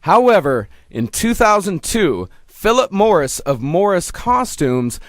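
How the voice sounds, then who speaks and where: A man hosting a casual podcast, working through his notes with stumbles and restarts. His voice sits a little high and sounds dry and close. He keeps the chat loose. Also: sing-song, no room sound. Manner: halting, stumbles over words while reading. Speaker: podcast host.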